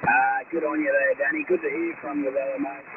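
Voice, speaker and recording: A man's voice: a little high, huge pitch swings, fairly quick, narrow, tinny audio. An Australian man chatting casually on CB radio as an operator, easygoing and matey, full of radio jargon. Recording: hissy CB radio transmission.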